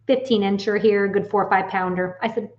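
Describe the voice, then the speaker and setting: An animated woman in her late forties chats casually with her viewers as a psychic medium. She tells stories loosely and swears freely. The recording sounds dull and lo-fi. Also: mid-range voice, a little fast. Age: late 40s.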